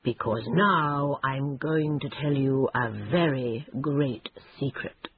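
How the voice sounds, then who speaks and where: A woman voicing a wise, stern old male badger in a storybook reading, speaking deep, slow and grave. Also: full character voice. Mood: kindly. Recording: tinny phone-like lo-fi sound.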